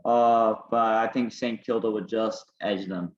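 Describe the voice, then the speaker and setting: Low-voiced man on a lo-fi echoey podcast. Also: steady tone, a little slow. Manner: teasing, confident picks. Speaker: podcast co-host. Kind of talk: casual sports chat. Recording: echoey lo-fi home recording.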